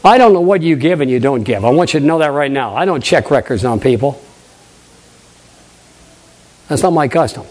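An older man, a pastor, preaching a lively sermon, acting out conversations and questioning his congregation. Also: mid-range voice, normal speed, pauses often. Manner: animated preaching, acts out dialogue, asks the congregation questions.

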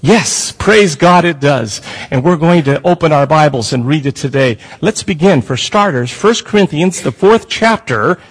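A man's voice: a little high, animated, moderate pace, few pauses, husky, poor audio. A man preaching a sermon as pastor, with a prayer and emphatic questions to the congregation.

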